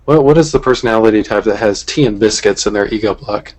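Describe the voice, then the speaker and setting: A man's voice: fairly low pitch, fast talker, a little mellow, low-quality recording. A man hosting a livestream in casual chat, rambling and teasing. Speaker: livestream host.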